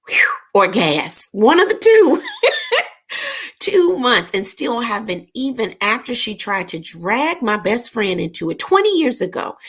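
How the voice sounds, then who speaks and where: A woman's voice: medium pitch, breathy edge. A woman hosting a casual online gathering, reading viewer comments in a playful, teasing way. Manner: playful, teasing, lots of laughs and sighs. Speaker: host of a live online gathering.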